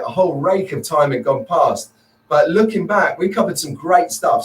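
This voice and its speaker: A man's voice: on the high side, far from the mic, rough recording. A man hosting a casual live stream chat, upbeat and rambling, greeting viewers by name. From Merseyside, England.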